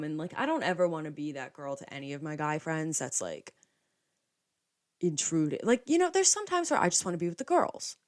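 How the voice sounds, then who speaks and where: A young woman with a notably low-pitched voice hosts a casual podcast monologue. She talks in a loose, chatty way, filling her sentences with "like" and slipping into quoted dialogue as she retells what happened. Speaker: podcast host.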